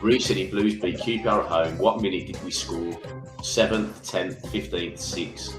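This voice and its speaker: Deep brummie bloke hosting a footy quiz stream, echoey room, bit of music behind. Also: male voice, normal speed. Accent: Birmingham. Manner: reads each question twice, chatty with frequent "mate". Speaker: football phone-in co-host. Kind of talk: casual live-stream chat, reading quiz questions.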